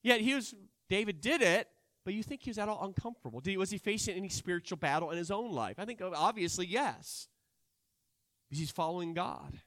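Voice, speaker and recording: A man preaching a sermon, acting out Bible characters' lines and swinging between loud and quiet delivery. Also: high-pitched, lively intonation, fairly quick, no echo, studio quality.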